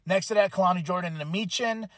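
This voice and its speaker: A man hosting a podcast, recapping a wrestling show in a casual, chatty way and acting out lines in quick voices. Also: high-pitched, no room sound, clean studio sound. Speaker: podcast host.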